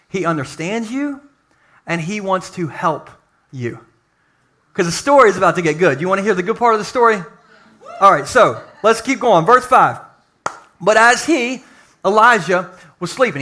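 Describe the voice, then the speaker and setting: A male pastor preaching a sermon at a live church service, lively and joking, acting out quotes. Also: sits high.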